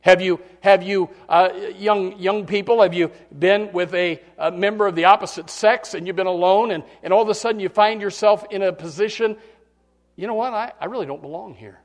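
A male pastor with a notably high voice delivers a sermon. He sinks to near-whispered pleading, then climbs into loud, shouted passages. His talk is full of restarts and repeated words. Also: fairly even intonation, normal speed, few pauses.

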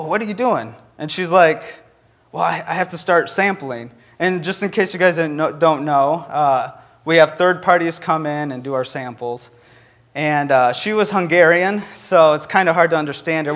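A man's voice: a little high, fairly bright tone. A young man preaching a conversational sermon, earnest and sprinkled with fillers as he tells a personal story.

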